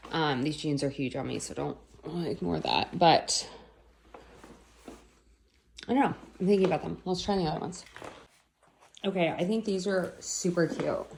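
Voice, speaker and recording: A woman's voice: fairly low pitch, creaky, darkish tone, a little hiss or hum. Chatty woman vlogging at home. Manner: chatty, rambling, lots of fillers; baby talk to her pets. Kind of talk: casual chat.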